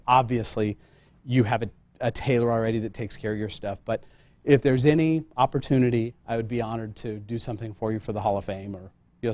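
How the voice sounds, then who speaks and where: A man, a tailor, tells a lively personal story to a room, acting out the dialogue and poking fun at himself. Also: medium pitch, dry recording. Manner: animated anecdotal, acts out quoted dialogue, self-deprecating. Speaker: custom tailor and guest speaker. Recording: muffled dull sound.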